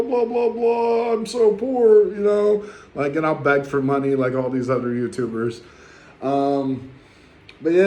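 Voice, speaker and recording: A man past his youth, talking bluntly in a rambling travel vlog full of fillers and restarts. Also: medium pitch. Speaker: travel vlogger. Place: his apartment.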